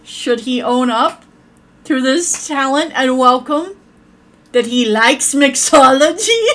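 A woman's voice: sits high, lively intonation, slow pace, a bit bright. A woman streaming a game, rambling to her viewers and cursing at her characters in crude, profane chat. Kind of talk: casual gameplay commentary.

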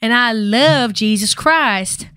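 A woman putting on a Southern accent to play a mock-pious, girly Christian wife who talks slowly and sweetly. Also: a little high, sharp tone, clean tone, dry recording, studio quality. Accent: American Southern, put on.

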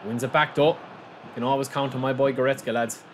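A man hosting a gaming channel, giving excitable live commentary on his own match, shouting at the play and calling viewers lads. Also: medium pitch, fairly quick, a little hiss or hum.

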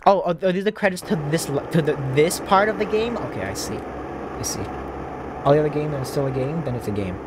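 A man's voice: a little high, a little fast, background noise. A man casually commenting to himself while playing a horror game, rambling with many fillers and restarts. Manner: rambling, self-talking, lots of fillers and restarts. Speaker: streamer playing a horror demo disc. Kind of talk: casual let's-play commentary.

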